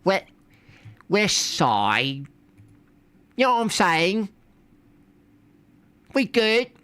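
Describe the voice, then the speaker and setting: A man's voice: sits high, sing-song, extremely slow, pushed and bright, smooth, no room sound, pitched above the performer's own voice, heavily acted. A man voicing a cocky, mocking young British man with a put-on British accent and taunting slang.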